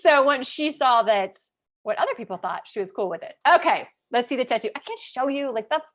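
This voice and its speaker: A woman in her thirties from Kansas, chatting animatedly on a livestream, full of "like" and quick asides as she tells a personal story. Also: sits high, expressive, fairly bright tone. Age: 30s. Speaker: business coach.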